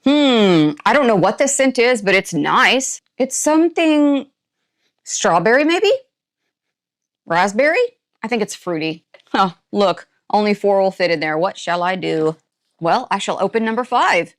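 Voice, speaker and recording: A woman chats through an unboxing in a playful, put-on rural drawl. She talks straight to her viewers in a casual review style, and her voice sits at a middling pitch. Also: lively intonation, a little slow. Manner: talks to viewers while opening items. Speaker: product reviewer.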